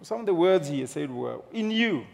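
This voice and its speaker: Kenyan man, storytelling talk, gravelly voice, long hall reverb. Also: on the high side, moderate pace, slight background noise. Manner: humorous, animated storyteller. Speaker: speaker.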